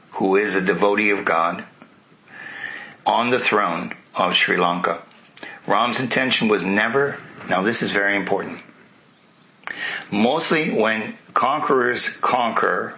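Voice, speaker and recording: Low, bright-toned male religious storyteller. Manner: conversational, with asides to listeners. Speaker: spiritual teacher. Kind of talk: retelling scripture with commentary. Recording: muffled lo-fi recording, faint hiss.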